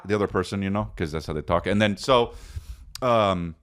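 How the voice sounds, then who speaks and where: Speaking briskly in a deep voice, a man riffs through an animated, foul-mouthed comic monologue on his podcast. He calls the listener dude as he rambles.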